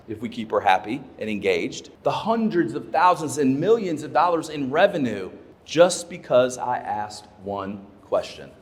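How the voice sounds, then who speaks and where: A man giving a keynote talk to a live audience, telling a story with emphatic repetition of his key points. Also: medium pitch. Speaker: leadership speaker. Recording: long hall reverb.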